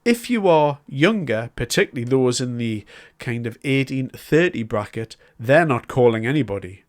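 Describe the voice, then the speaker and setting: A man's voice: mid-range voice, animated, normal speed. A man giving a solo political commentary, talking in a conversational, emphatic way as he builds his argument point by point.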